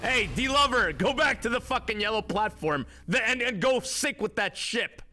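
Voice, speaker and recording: A man's voice: very high voice, lively intonation, normal speed, bright, forceful tone. A man live streaming, ranting at his chat with heavy swearing, mocking viewers and laughing often. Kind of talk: profane rant at live chat.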